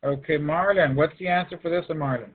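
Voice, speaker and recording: A male math teacher leads an online lesson, calling on students by name and pressing them to respond. His voice sits a little high and husky. It comes through a tinny, phone-like line from a video call. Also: brisk. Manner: coaxing, calls students by name. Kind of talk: online class lecture.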